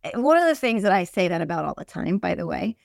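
A woman's voice: lowish voice, big pitch swings, quick pace, creaky, no echo, clean studio sound. A woman hosting a podcast in casual chat, riffing in a joking, sarcastic way. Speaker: podcast host.

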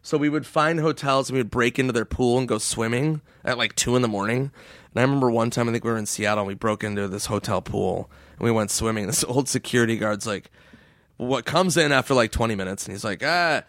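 Male comic guest, casual storyteller, mid-pitched, dry close mic. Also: quick pace, no room sound. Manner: animated storyteller, acts out voices in high pitch. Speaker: comedian guest.

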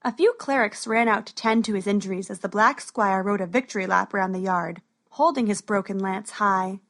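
A woman narrating a storybook in a steady, even way. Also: mid-range voice, normal speed.

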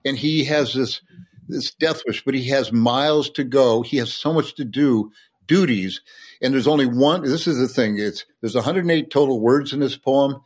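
A man's voice: mid-range voice, moderate pace, husky. A man, a sportswriter and poet, explaining and reciting a poem with enthusiasm in a podcast conversation.

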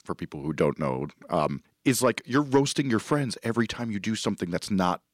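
A man hosting a casual interview, joking and slipping into quick voices. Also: fairly low pitch, animated, no echo, studio quality.

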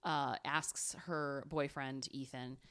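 Low-voiced young woman telling a story. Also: fairly even intonation, slow pace, a bit bright, clean tone. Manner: chatty, giggly, rambling with many fillers. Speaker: podcast co-host. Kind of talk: casual storytelling chat.

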